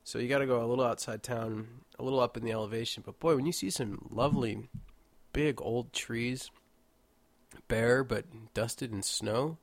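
A congested man with a mid-range voice hosts a casual solo podcast monologue at home indoors, recorded with no echo. He rambles and jokes, tossing in mock-indignant asides.

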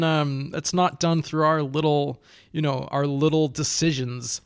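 A man's voice: fairly high pitch, fairly even intonation, a little slow, hardly any pauses, smooth, no room sound, clean studio sound. A young man hosting a casual solo podcast from indoors at home, talking in a rambling, self-mocking way with frequent restarts. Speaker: podcast host. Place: indoors at home with a heater running.

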